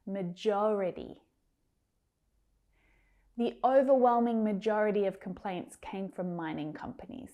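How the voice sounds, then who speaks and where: A woman teaching English pronunciation, saying words slowly and clearly, drilling each one several times with careful articulation. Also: medium pitch, mellow. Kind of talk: slow, deliberate pronunciation lesson.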